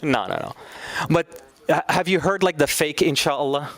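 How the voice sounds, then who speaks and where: A man teaching a class in a lively lecture, often putting questions to his students. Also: a little high, moderate pace. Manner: animated, asks the class questions.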